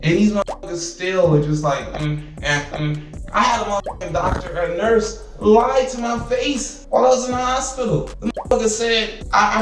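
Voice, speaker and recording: Young male vlogger, profane exasperated rant, distant echoey recording with faint music. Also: high-pitched. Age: young adult. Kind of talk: casual ranting vlog.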